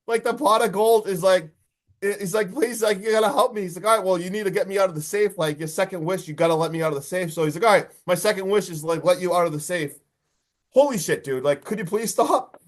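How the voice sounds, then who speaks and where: A man hosting a podcast, excitedly recapping a horror movie in casual chat and acting out lines from it. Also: high-pitched, quick pace. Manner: excited, swearing, acts out lines from the film. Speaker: podcast host.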